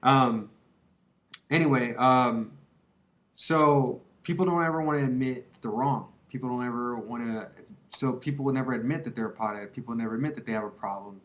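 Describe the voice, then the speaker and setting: A man in his twenties giving rambling, earnest advice on quitting, repeating himself in casual slang. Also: medium pitch. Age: 20s.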